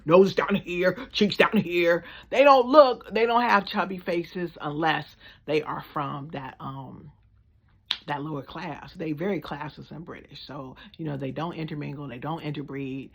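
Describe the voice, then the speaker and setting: An American woman giving blunt, slangy, animated opinion commentary in a casual vlog. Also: low-pitched, a little slow, slightly rough. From United States. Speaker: vlogger.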